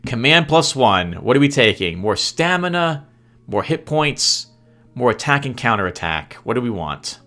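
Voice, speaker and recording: A man's voice: medium pitch, sing-song, moderate pace, bright, forceful tone, faint music behind. A man giving chatty gameplay commentary as host, laughing often and sounding sheepishly apologetic. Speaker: let's play host.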